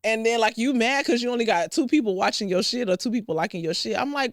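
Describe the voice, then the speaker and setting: A young woman vlogger telling a dating story in a casual, profane, animated way, acting out both sides. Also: a little high, fast talker, hardly any pauses, no room sound, studio quality.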